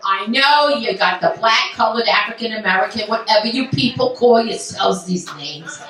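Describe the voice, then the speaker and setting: A woman voicing a fussy older Jewish mother-in-law who talks in a prim, scolding, drawn-out way, on stage in a comedy club. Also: a little high, expressive, fairly bright tone. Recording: roomy club sound from far off.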